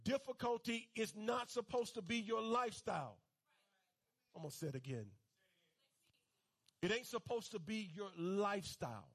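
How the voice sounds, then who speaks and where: A man's voice: high voice, expressive, moderate pace, pauses often, a bit bright, slightly rough. A male pastor preaching a fervent sermon, calling on his congregation to repeat lines back to him. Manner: fervent, call-and-response preaching.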